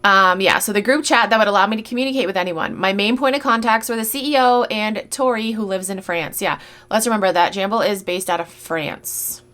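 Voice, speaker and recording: A woman vlogger who resells goods talks casually and bluntly in a mid-range, slightly bright voice at a somewhat quick pace. Sounding exasperated, she swears freely through her rant-style commentary.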